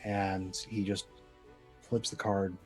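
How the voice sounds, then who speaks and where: Slow-talking man playing a tabletop game. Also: low voice, flat delivery, over music. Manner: slow, hesitant, with fillers. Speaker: player. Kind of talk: tabletop role-play.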